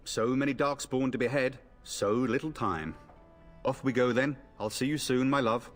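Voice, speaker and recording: A man's voice: medium pitch, moderate pace, long reverb tail, soft background music, lightly acted. A man voicing a cocky young noble warrior with a breezy, joking manner. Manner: jokey, breezy bravado.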